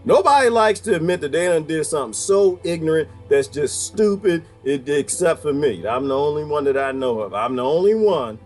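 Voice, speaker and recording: A man's voice: a little high, expressive, normal speed, few pauses, soft background music. A man hosting his own video, talking in a rambling, wry casual monologue and laughing often. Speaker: video host.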